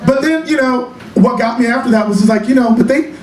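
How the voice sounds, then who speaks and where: A man with a high, bright voice doing sassy, profane stand-up in a small club. He is miked from a distance, so the voice sounds roomy. Audience laughter and chatter run underneath. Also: background noise. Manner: sassy, profane storytelling with quick asides. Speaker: stand-up comedian. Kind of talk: one-man comedy show. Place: small cabaret club stage.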